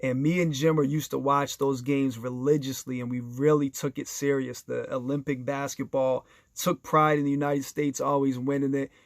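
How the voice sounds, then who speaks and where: A man's voice: mid-range voice, flat delivery, normal speed, hardly any pauses, no echo, clean studio sound. A man telling casual stories in an enthusiastic, conversational way, speaking straight to his listeners and briefly acting out quoted voices. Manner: briefly acts out other people's voices in quoted dialogue. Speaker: storyteller sharing basketball anecdotes. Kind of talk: casual storytelling monologue.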